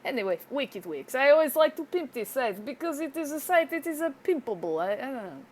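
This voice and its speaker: Rambling, joking woman, fairly high voice. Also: big pitch swings, brisk, a little mellow. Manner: rambling, joking, self-deprecating; hesitant, often unsure. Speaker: amateur weather forecaster. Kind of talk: casual weather screencast narration.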